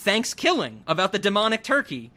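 A man's voice: high-pitched, huge pitch swings, brisk, pushed and bright. A young man hosting a podcast, chatting casually with lots of fillers and asides. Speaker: podcast host. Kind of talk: casual chat.

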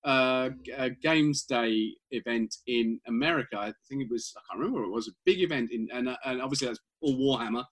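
A British man, a guest writer, chatting casually in an interview, animated and full of restarts. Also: mid-range voice, brisk, hardly any pauses. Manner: animated, many restarts and repeated words.

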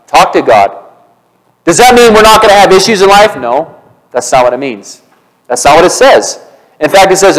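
A male pastor preaching a sermon in church, animated and conversational, asking the congregation questions. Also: high-pitched, moderate pace, poor audio.

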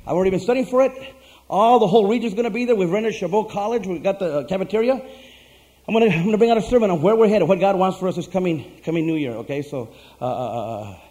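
A man's voice: high-pitched, fast, mellow. A man preaching in a loose, rambling storytelling way, with many fillers and restarts and acted-out quotes, speaking to his church. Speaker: pastor. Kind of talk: casual sermon storytelling.

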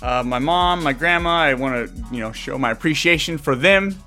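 A man's voice: fairly high pitch, brisk, sharp tone, soft background music. A young man hosting a casual podcast, rambling and joking with many restarts. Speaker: podcast host.

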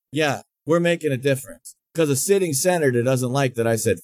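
A man's voice: fairly high pitch, animated, fairly quick, few pauses, no echo. An older man hosting a heated political talk show, blunt, mocking and defiant. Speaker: host.

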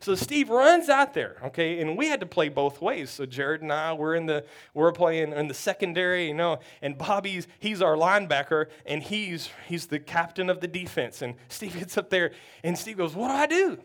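A pastor from Texas telling a story in a sermon, animated and acting out the people in it. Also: male voice, on the high side, moderate pace, hardly any pauses. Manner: animated storytelling, acts out quotes.

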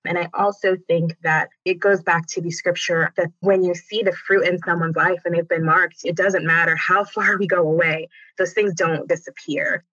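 A woman guest telling her story in a casual conversation, animated and dramatic. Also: on the low side, no echo, muffled recording. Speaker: podcast guest.

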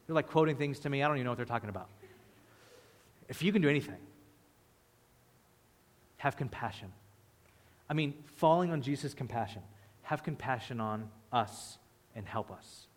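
A man's voice: mid-range voice, animated, moderate pace, long pauses, long reverb tail. A man preaching a sermon with passion, acting out the voices of people praying. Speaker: pastor.

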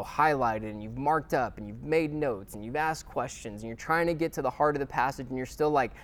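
Chatty man teaching a Bible study. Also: medium pitch. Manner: conversational, with frequent fillers and restarts; checks in with listeners. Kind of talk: casual teaching talk.

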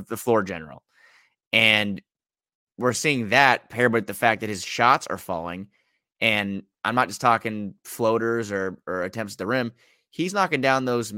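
Bright, emphatic man reciting stats. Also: fairly low pitch, no room sound, studio quality. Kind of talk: casual podcast chat.

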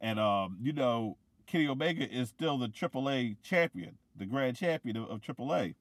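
A man's voice: mid-range voice, moderate pace, no room sound. A young man with a mid-range voice chats casually. He rambles and uses a lot of fillers. The sound is dry and close to the mic. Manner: rambling, filler-heavy, excitable. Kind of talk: casual chat.

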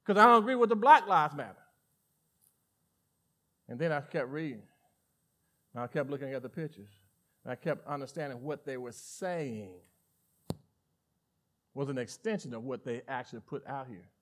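A male pastor with a Southern American accent preaching a sermon, animated, swinging from loud emphatic lines to hushed asides. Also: medium pitch, moderate pace, long pauses.

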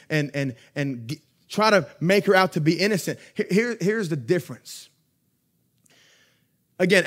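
A young man preaching a sermon as pastor. He talks in a lively, conversational way, swinging between loud emphatic peaks and quiet asides, and laughs through his stories. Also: on the high side. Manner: laughs while telling stories.

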